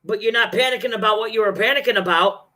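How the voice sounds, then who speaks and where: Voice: medium pitch, fast talker, bright, forceful tone. A vlogger telling a personal story in a casual, profane, emphatic monologue, acting out the other people's lines.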